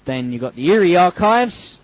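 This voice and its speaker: A man's voice: high voice, very animated, normal speed, dry recording, poor audio. A man hosting a casual radio show, rambling with many fillers and restarts and joking about himself into a studio microphone. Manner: joking, self-mocking. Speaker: radio host.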